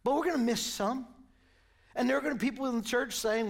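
Older male pastor in his sixties with a high, gravelly voice, animated sermon storyteller. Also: fast talker.

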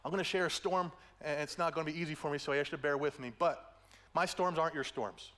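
A male pastor preaching a conversational sermon, often asking "right?" and swinging between raised emphasis and quiet, intimate asides. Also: a little high, fast talker. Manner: conversational preaching with tag questions, swings between loud and hushed.

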